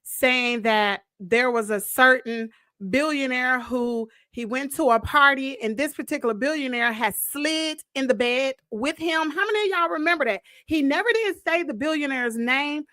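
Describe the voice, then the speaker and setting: A woman hosting a casual live-stream chat. She talks straight to her viewers with drawn-out exclamations and emphatic repeats. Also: high voice, pushed and bright, no echo, clean studio sound. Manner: chatty, addresses viewers directly and calls them girl and y'all. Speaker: host of a live gossip stream.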